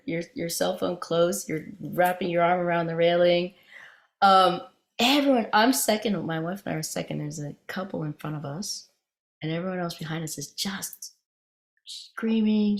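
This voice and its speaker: Low, gravelly-voiced woman teacher. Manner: conversational, meandering, with frequent restarts. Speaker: meditation teacher. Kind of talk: dharma talk with personal storytelling.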